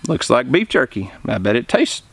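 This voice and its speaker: Lively man chatting excitedly. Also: medium pitch, moderate pace, breathy edge. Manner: excited, chatty, eating while talking. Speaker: homesteading channel host. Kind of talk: casual vlog talk to camera. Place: greenhouse.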